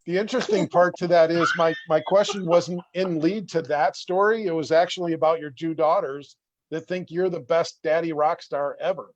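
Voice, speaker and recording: A man's voice: fairly high pitch, steady tone, normal speed, no echo, muffled recording. A man hosting a casual interview with an affable, agreeable manner. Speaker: host.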